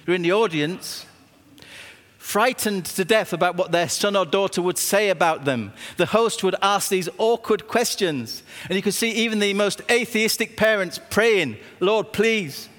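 A man, a pastor preaching a sermon with stories and emphatic repetition, slowing down when he quotes scripture. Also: high-pitched, a bit bright. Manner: anecdotal, emphatic, slows down on scripture. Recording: long reverb of a hall.

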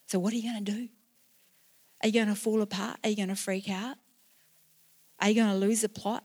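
A woman in her sixties with a New Zealand accent preaches in church. Her mid-pitched voice tells a personal story earnestly and climbs into loud, emotional outbursts. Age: 60s. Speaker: pastor. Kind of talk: sermon.

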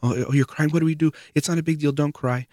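A man's voice: medium pitch, animated, a little mellow, no echo, studio quality. A man playing a panicky, flustered parent who hurries to stop a crying child. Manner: hurried, anxious pleading.

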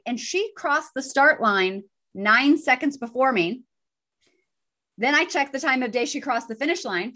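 A woman co-hosting a podcast, telling a personal story in casual chat with a lively, self-deprecating manner. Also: a little high. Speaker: podcast co-host.

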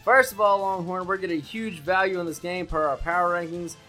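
A man co-hosting a sports betting podcast, talking loudly and brashly with lots of swearing and hype. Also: sits high, fairly even intonation, brisk, soft background music. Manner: loud, brash, profane and hyped. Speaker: podcast co-host.

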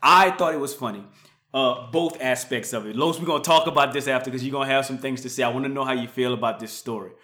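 A man hosting a podcast, telling a story casually, swinging from muttered asides to loud, animated bursts. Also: medium pitch, fast. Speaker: podcast host.

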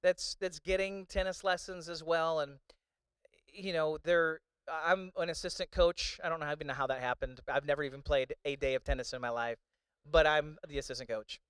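A man's voice: on the high side, steady tone, normal speed, a bit bright, clear, resonant tone, no room sound. A man preaching a sermon in a conversational, storytelling way, with many restarts. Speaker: pastor.

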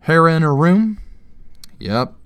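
Guy doing smug needling train guard, mocking, a bit higher, dry close mic. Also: big pitch swings, slow pace, clear, resonant tone, no echo, exaggerated voice.

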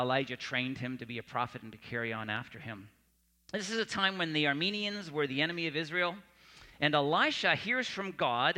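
Earnest man preaching, bright tone. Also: fairly high pitch. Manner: earnest preaching, dropping soft for emphasis. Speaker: pastor. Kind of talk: sermon.

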